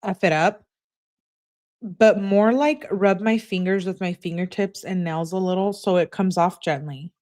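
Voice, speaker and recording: A woman's voice: lowish voice, measured pace, a little mellow, close to an everyday voice. A woman reading as a defensive young boyfriend. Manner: defensive, explaining. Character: defensive young man texting his girlfriend. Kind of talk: reading text messages aloud.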